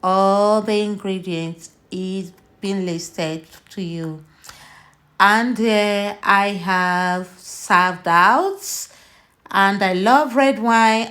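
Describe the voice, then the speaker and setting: A woman from Nigeria hosting a cooking vlog, chatty and unhurried, walking viewers through her dish. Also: medium pitch, fairly bright tone. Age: adult, mother. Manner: slow, chatty, tastes food on camera and laughs. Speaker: cooking channel host. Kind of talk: casual cooking vlog narration.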